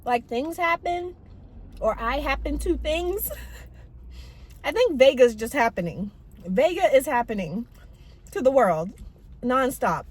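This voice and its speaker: A woman's voice: high-pitched, expressive, slow pace, pauses often, breathy edge. Chatty young woman vlogging while eating. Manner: chatty, self-mocking, talks with mouth full. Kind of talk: casual rambling vlog while eating.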